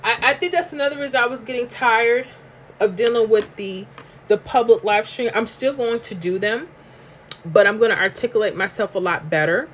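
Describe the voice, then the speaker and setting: A woman's voice: on the high side, moderate pace, a little hiss or hum. A woman from New York with a New York accent, hosting a live stream in chatty, emphatic slang while reading viewer comments aloud.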